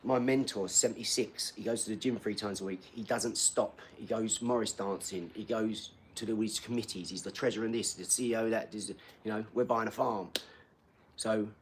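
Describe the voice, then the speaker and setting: A man's voice: fairly low pitch, steady tone, moderate pace, a little hiss or hum. A man, chatting casually on a live stream and bantering with a troll in his comments.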